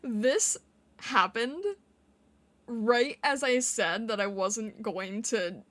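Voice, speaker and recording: High, bright giggly woman streamer. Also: very slow. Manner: giggly, chatty, reading chat aloud; squeaky when yelling or laughing. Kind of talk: casual live-stream chat.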